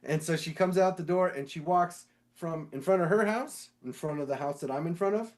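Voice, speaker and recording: A man casually telling a story on a podcast, animated and swearing, acting out the voices of the people in it. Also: fairly high pitch, brisk. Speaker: podcast co-host; sewer inspector.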